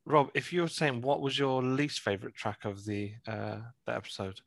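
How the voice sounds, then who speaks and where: A man's voice: medium pitch, normal speed, vocal fry, dry recording. A man hosting a podcast, chatting casually and teasing his guest with a laugh. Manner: relaxed, laughs easily, teasing questions. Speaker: podcast host. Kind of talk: casual chat.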